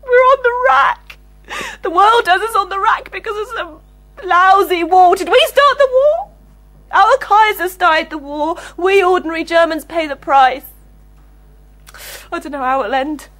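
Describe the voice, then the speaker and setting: A nervous young assistant stage manager. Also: female voice, extremely high pitch, animated, a little slow, pauses often, a bit bright, full character voice. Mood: tearful. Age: 20s. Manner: nervous, apologetic, tearful. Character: flustered young working mother in her twenties.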